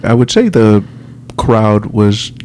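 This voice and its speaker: Low-voiced male podcast co-host, casual, crude and joking. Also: lively intonation, slow pace, a little mellow, clear, resonant tone. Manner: blunt, profane, joking. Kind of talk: casual frank chat.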